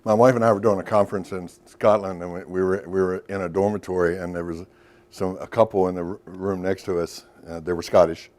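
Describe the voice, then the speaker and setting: A man's voice: sits low, fairly even intonation, brisk, darkish tone. A middle-aged man giving a workshop lecture in a loose, storytelling way, with asides and questions to the audience. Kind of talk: recorded lecture to a professional audience.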